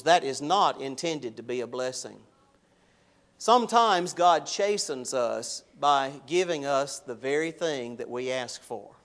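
A male preacher, delivering a sermon and rising loud and high when he quotes scripture. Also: animated, measured pace.

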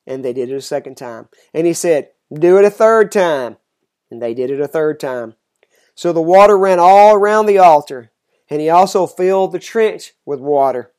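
A reader reading scripture aloud in a measured, steady way, slowing down on the solemn lines. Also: medium pitch, smooth.

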